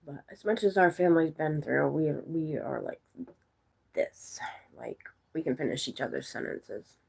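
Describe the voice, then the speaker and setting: A woman's voice: low voice, expressive, moderate pace, vocal fry, a little mellow, breathy edge. A giggly, silly woman chatting casually with her viewers, rambling and laughing often. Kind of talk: casual live chat.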